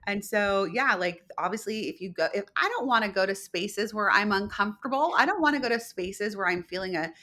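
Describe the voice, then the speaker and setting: A woman speaking as a psychic medium guest in a casual podcast conversation, emphatic and animated, explaining with rhetorical questions. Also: medium pitch, brisk, few pauses.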